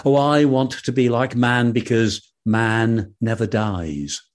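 A man voicing a lonely, sorrowful male moon in a told folk tale, slow and hushed. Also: medium pitch, natural voice. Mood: sad.

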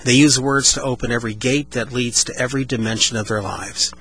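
A man's voice: mid-range voice, steady tone, a little fast, a bit bright, slight background noise, rough recording. A man hosting a storytelling radio show, speaking casually and playfully with a studio microphone. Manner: playful, demonstrates vocal emphasis.

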